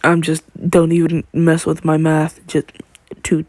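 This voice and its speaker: A man's voice: a little high, completely flat delivery, measured pace, a little mellow, dry recording. A man casually narrating a fan-made story, rambling with slangy asides and wandering off on tangents.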